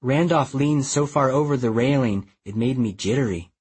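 Male audiobook narrator, husky, mid pitch, wry conversational first-person read. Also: normal speed, darkish tone.

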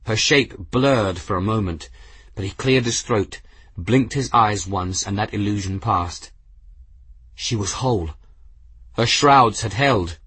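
A man reading an adventure novel aloud as narrator, in a measured, even storytelling manner. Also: lowish voice, breathy edge, dry recording. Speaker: audiobook narrator. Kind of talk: scripted narration.

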